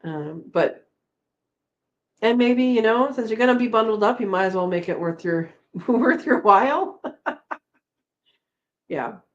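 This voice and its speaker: Slow chatty lady hosting a live stream, laughs a lot, kinda muffled lo-fi sound. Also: fairly high pitch. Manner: relaxed and chatty, laughs often, trails off with fillers. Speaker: homesteading live chat host. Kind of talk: casual live chat, reading viewer comments.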